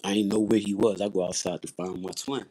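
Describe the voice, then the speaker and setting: Husky low-voiced man, intense. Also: fairly even intonation, quick pace, dark tone. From Philadelphia, USA. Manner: intense, repetitive, blunt and profane. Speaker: livestream host. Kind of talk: raw personal testimony on a livestream.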